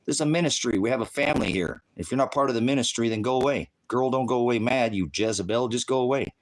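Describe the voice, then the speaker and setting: A man's voice: fast talker, hardly any pauses. Profane, combative American man ranting. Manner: swings between low mutters and loud outbursts. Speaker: online ministry streamer. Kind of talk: angry live-stream rant at chat.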